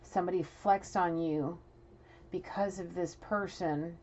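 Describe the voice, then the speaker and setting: Low-voiced, blunt New woman. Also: fairly even intonation, a little slow, darkish tone. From New York City. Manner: blunt, scolding and frank, with frequent restarts. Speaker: intuitive reader. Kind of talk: spoken intuitive reading to an absent person. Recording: dull lo-fi audio with faint noise.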